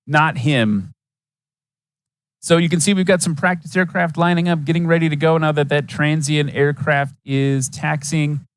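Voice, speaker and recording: A man's voice: fairly high pitch, moderate pace, no room sound. A man from Wisconsin giving chatty, enthusiastic live commentary at an aviation competition, with folksy asides. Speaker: event commentator.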